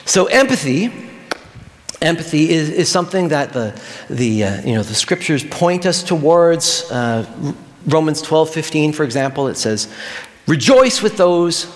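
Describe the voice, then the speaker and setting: Male pastor, sermon, animated, repeats phrases, slightly high voice, long hall reverb. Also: measured pace. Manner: animated, repeats key phrases, engages the audience directly.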